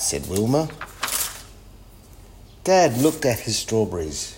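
A man reading a children's storybook aloud, slowly and clearly paced. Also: fairly low pitch, big pitch swings, darkish tone, slight background noise. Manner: slow, sing-song, clearly paced. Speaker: storybook reader.

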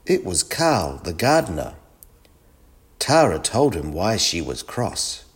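A man narrating a children's story in an expressive, unhurried way. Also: deep voice, slightly rough.

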